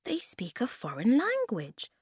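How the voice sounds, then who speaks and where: A woman's voice: fairly high pitch, huge pitch swings, measured pace, a little mellow, slightly rough, no room sound, clean studio sound, pitched above the performer's own voice, heavily acted. A woman voicing a touchy young male creature who speaks in an impatient, sulky way.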